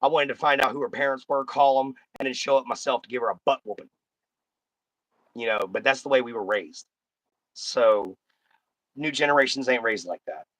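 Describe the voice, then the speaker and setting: A man's voice: mid-range voice, moderate pace, pauses often, fairly bright tone, no echo. A man hosting a casual live stream, talking bluntly and folksily straight to his chat.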